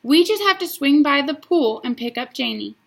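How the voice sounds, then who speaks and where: A woman reading the lines of a patient, tired mother who speaks calmly to her kids. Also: high voice, moderate pace, creaky. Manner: calm, patient.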